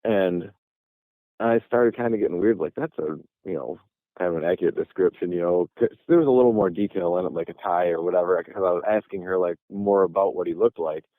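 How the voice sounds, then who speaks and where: A man's voice: sits low, fairly quick, no room sound. A man from Michigan, a guest telling a long story in a casual, rambling way with many restarts, calling by phone from a parking lot. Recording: tinny phone line.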